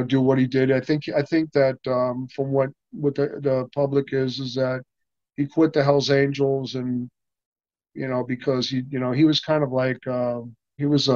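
A man's voice: medium pitch, a little mellow, no echo. An older man talks through a long story, with a lot of false starts. He slips into other people's lines as he goes. The sound is dry and a little muffled. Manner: rambling, many restarts, acts out quoted dialogue. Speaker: interview guest, stuntman. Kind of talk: casual anecdotal storytelling.

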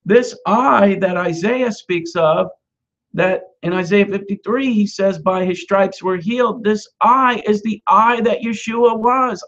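A man's voice: sits high, measured pace, fairly bright tone, highs cut off. A man, a messianic rabbi, preaching a conversational sermon and stressing repeated Hebrew words. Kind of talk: sermon teaching on scripture.

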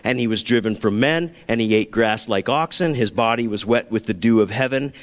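A man's voice: mid-range voice, brisk, big-room sound. A man preaching a sermon as pastor, earnest, now and then acting out the voices he quotes.

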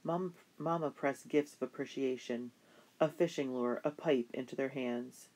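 A middle-pitched voice reads a children's historical novel aloud. The delivery is steady, like a bedtime story, with only light voicing for the characters. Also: a little slow. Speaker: narrator. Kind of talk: audiobook narration of a children's novel.

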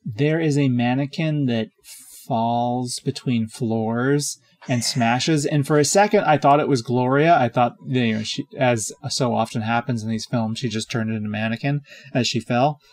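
A man's voice: mid-range voice, normal speed, hardly any pauses, a little mellow. A man co-hosting a podcast, chatting casually about films in a rambling, hesitant way with frequent chuckles. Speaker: podcast co-host. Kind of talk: casual movie chat.

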